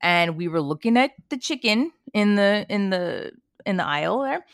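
A Canadian woman co-hosting a podcast, telling personal stories in an animated way with quoted asides. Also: mid-range voice, normal speed, no echo, studio quality. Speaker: podcast co-host. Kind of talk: casual chat.

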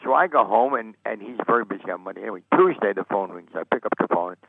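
Older American storyteller on a phone line, gravelly and lowish, acts out his quotes. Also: lively intonation, fast, no room sound. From United States. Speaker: sportswriter guest. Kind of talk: anecdotal storytelling interview.

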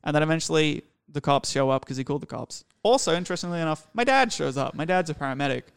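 A young man recounts a personal story in a rambling, candid way, swearing freely. His voice is smooth and resonant, and the sound is close and dry with no room echo. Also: on the high side, animated, fast talker. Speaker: podcast guest storyteller.

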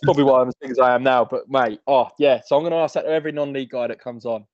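A man's voice: medium pitch, fairly even intonation, rapid-fire, no room sound, lo-fi sound. A man hosting a podcast, chatting casually with matey banter. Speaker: podcast host. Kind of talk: casual chat.

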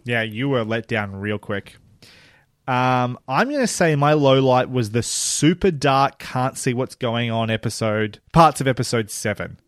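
Animated swearing man. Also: mid-range voice, a little slow, dry recording, clean studio sound. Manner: animated, swears, laughs often. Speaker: podcast co-host. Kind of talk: casual chat reviewing a TV show.

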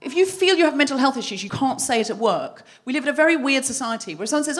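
A woman's voice: sits high, lively intonation, rapid-fire, few pauses. A woman hosting a live comedy podcast, telling a self-mocking story and acting out her own outbursts before an audience.

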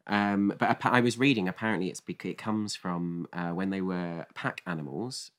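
A man's voice: low-pitched, steady tone, normal speed. A man co-hosting a podcast, talking in a conversational, reflective, chatty way. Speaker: podcast co-host. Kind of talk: casual chat.

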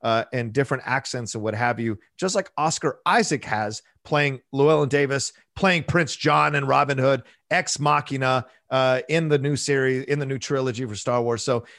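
A man's voice: medium pitch, normal speed, creaky, few pauses, a bit bright, no echo. Passionate man, dry close sound. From Latino (US). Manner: passionate, emphatic, preachy asides. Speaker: podcast guest. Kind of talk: casual podcast chat.

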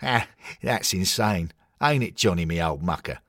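A man's voice: deep voice, lively intonation, moderate pace, fairly bright tone, no echo, clean studio sound, full character voice. A man voicing a cocky male miniature footballer statue with a chummy, smug way of talking.

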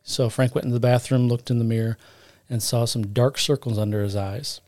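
A man of middle pitch tells a story on a podcast, speaking casually and jokily. He rambles, restarts lines and corrects himself as he goes. The sound is a plain studio podcast mic. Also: steady tone, moderate pace, a little mellow, no echo. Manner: rambling, self-correcting, jokey. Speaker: podcast co-host.

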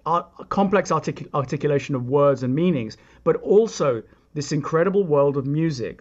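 Thoughtful man on a dull recording. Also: on the high side. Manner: thoughtful, reflective, with frequent restarts. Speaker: composer as podcast guest. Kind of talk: explanatory interview talk.

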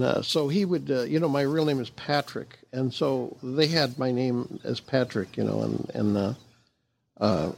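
An older man, a guest on an interview show, talking casually and haltingly, with many fillers, restarts and chuckles. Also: medium pitch, creaky. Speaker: guest, jazz bassist and former actor.

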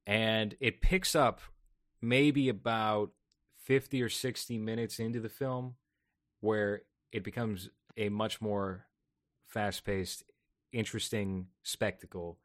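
Male podcast co-host, lowish voice, measured deadpan reviewer, dry close audio. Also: no room sound. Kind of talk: film review chat.

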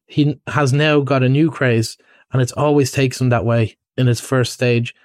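A man doing a firm, sharp-tongued water rat. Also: mid-range voice, fairly even intonation, moderate pace, dry recording, clean studio sound, close to an everyday voice. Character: stern practical male water rat.

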